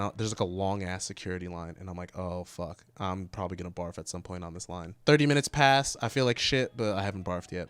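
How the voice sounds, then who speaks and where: A young man with a fairly low voice tells a crude story in a loose, casual way. He drops to a mutter at times and then gets loud and high-pitched when the tale turns frantic. His manner stays profane and animated throughout. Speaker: streamer telling a story.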